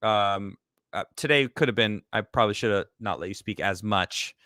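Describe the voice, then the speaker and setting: A man's voice: on the low side, normal speed, sharp tone, dry recording, clean studio sound. A man hosting a casual live-stream talk show, joking loosely and reading viewer comments aloud. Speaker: host.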